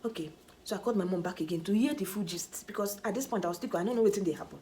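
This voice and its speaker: A Nigerian woman vlogger telling a personal story in a chatty, animated way, dropping in pidgin asides. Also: medium pitch, very fast, slight background noise. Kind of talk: storytelling vlog.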